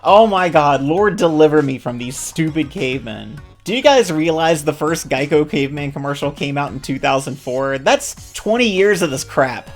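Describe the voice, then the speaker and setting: A woman's voice: low-pitched, lively intonation, normal speed, hardly any pauses, faint music behind. A woman commentator ranting about commercials in a casual, sarcastic, exasperated way. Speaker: video commentator.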